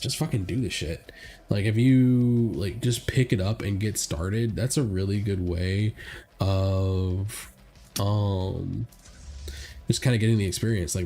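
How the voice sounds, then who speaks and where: Young male streamer with a stuffed-up nose: low-ish, rambling gameplay commentary. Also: warm tone. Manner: rambling, full of fillers like "like" and "uh". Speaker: game streamer.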